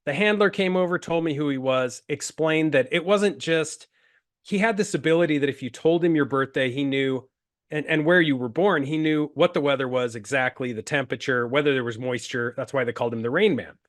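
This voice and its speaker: A man from Utah who is a guest on a panel, telling a relaxed anecdote with drawn-out phrases and fillers. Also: medium pitch. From Utah, USA. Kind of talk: casual discussion, anecdote.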